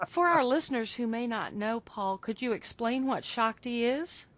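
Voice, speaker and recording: A woman's voice: on the high side, expressive, normal speed, a bit bright. A woman hosting an interview, asking questions in a friendly way and laughing often. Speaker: interview host. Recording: dull lo-fi audio.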